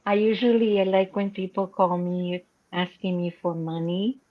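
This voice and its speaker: A woman's voice: on the low side, normal speed, dull audio. A woman with a non-native English accent, hosting a casual live chat and acting out the calls she tells about. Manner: animated storyteller, acts out quoted dialogue. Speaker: livestream host.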